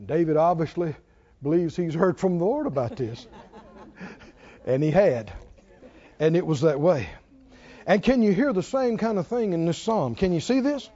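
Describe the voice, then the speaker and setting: Guy preaching, high voice, swings all over, kinda dull lo-fi sound. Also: moderate pace, long pauses. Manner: animated, rising to near-shouts then dropping low. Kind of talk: sermon.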